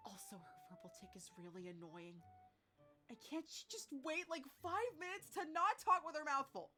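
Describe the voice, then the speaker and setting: A woman's voice: high-pitched, animated, normal speed, bright, forceful tone, soft background music. A woman streaming a visual novel, reacting and joking in live commentary.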